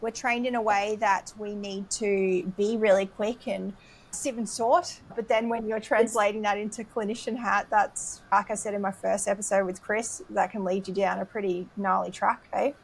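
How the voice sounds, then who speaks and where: Woman host, mid-pitch, easygoing and informal interviewer. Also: level tone, moderate pace, creaky. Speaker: podcast host, nursing student. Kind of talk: casual interview chat.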